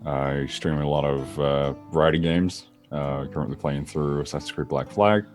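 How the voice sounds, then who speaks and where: A man playing in the game, chatting casually about his own streams with hesitant, halting pauses. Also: extremely low pitch, fairly even intonation, a little mellow, faint music behind. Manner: hesitant, many filler pauses. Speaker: player and streamer. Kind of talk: casual chat.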